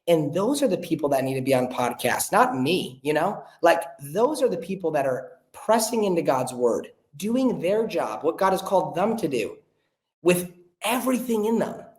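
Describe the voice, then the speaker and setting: A young man, a podcast guest, telling a story in an earnest, animated way and acting out the voices of the people he quotes. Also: on the high side. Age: young adult. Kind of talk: casual storytelling chat. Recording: roomy echo.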